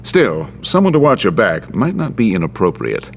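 An actor playing a courtly, genteel gambler who runs a saloon and sprinkles in French words. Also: male voice, lowish voice, very animated, moderate pace, creaky, slight background noise. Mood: polished, amused. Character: suave older male gambler, saloon owner, genteel. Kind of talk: audio drama acting.

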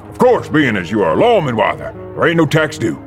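An actor playing a swaggering, bullying small-town deputy who talks down to people. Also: male voice, medium pitch, wildly swooping pitch, brisk, soft background music. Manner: swaggering, sneering, blustery.

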